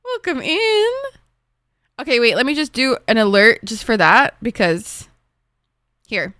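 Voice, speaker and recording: A woman's voice: a little high, animated, moderate pace, pushed and bright, dry recording, clean studio sound. A young woman streamer chatting casually with her viewers, full of "like" and frequent swearing. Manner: chatty, swears a lot, fillers like "like". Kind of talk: casual live-stream chat.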